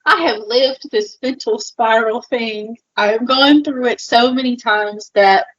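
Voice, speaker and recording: A woman's voice: on the high side, a little slow, fairly bright tone, highs cut off. A woman co-hosting a podcast, talking openly and with feeling about her own struggles, often using "like". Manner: open, emotional, heavy filler "like". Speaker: podcast co-host. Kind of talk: candid personal conversation.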